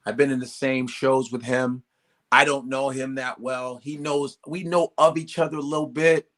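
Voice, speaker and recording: A male comedian telling stories as a guest in a casual interview, animated and profane, acting out quoted voices. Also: mid-range voice, moderate pace.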